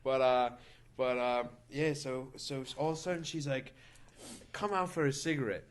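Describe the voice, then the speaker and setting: A man's voice: medium pitch, steady tone, normal speed, a little hiss or hum. A man in his twenties telling a long, crude story in casual chat, rambling with lots of fillers and repeats. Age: 20s. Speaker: podcast storyteller.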